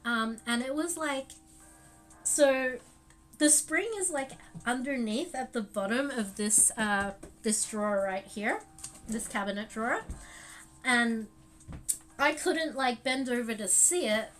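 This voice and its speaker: A woman's voice: a little high, takes it slowly, long pauses, a bit bright, faint music behind. A young woman streamer telling a story in casual live chat, rambling with lots of fillers and bursts of laughter.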